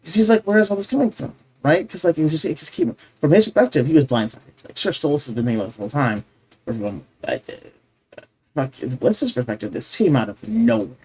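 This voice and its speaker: A man's voice: on the high side, big pitch swings, fast talker, a little mellow, husky. A man hosting a reaction video. He talks through his thoughts casually and earnestly, often restarts his sentences and keeps asking "right?". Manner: restarts sentences while thinking aloud.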